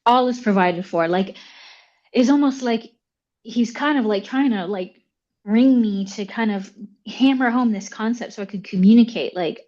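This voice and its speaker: A woman guest telling a personal story in conversation, animated and full of fillers like "like" and "you know". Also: on the high side, normal speed, highs cut off. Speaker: podcast guest.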